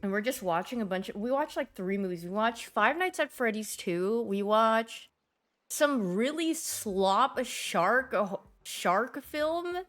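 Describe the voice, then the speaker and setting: A young woman livestreamer chatting casually, rambling and giggly with sudden excited squeals. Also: a little high, a little slow, soft background music. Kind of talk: casual stream chat.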